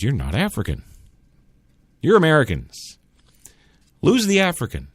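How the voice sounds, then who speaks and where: A man's voice: unhurried, pauses often. A man hosting a solo talk radio show, opinionated and sarcastic, talking straight into a studio mic. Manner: opinionated, sarcastic, lively swings in pitch.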